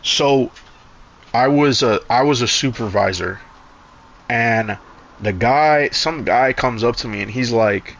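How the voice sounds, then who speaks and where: A man's voice: mid-range voice, slow, a bit bright. A young man chatting casually while gaming, telling rambling, profane stories full of restarts and asides. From Canada. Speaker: gaming streamer.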